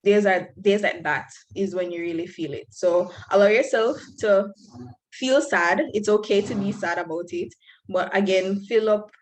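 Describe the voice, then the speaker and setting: A woman's voice: medium pitch, fairly even intonation, moderate pace, a little mellow, slight background noise, poor audio. A young woman from Belize, giving frank, earnest advice to new students on a video call. She speaks candidly and laughs lightly now and then.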